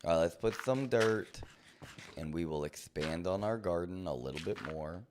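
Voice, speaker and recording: With a low, expressive voice at a moderate pace, a male streamer narrates his gameplay live, rambling playfully and full of silly jokes. The background is noisy.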